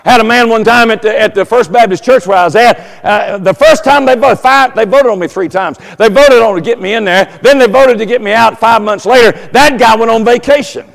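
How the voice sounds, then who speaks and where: A pastor preaches in a folksy, storytelling way, his voice sitting high for a man. He builds to loud, emphatic passages, and a long reverb from the church hall trails his words. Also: fairly quick, gravelly, few pauses. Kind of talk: sermon. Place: church sanctuary.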